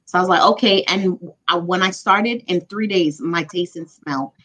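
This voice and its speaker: A woman's voice: lowish voice, moderate pace, a bit bright. A mother speaking as a guest, telling her story in an earnest, emotional way during a casual chat.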